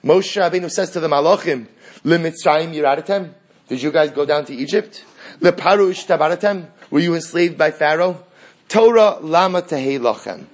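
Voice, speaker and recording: A man teaches a Talmud class at a normal speed in a somewhat high voice. He's animated, acting out the exchanges he reads aloud and posing rhetorical questions.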